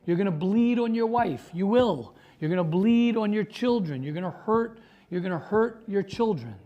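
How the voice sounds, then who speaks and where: A man's voice: high voice, lively intonation, normal speed, lo-fi sound. A man giving a sermon as a rabbi to a live class, impassioned and talking in repeated phrases and restarts.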